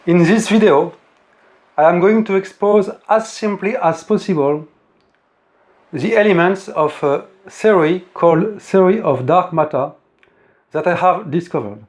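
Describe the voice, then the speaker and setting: A man with a French accent, not a native English speaker, giving a careful, formal science lecture. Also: high voice. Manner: careful, deliberate, formal phrasing. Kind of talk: slow formal lecture reading.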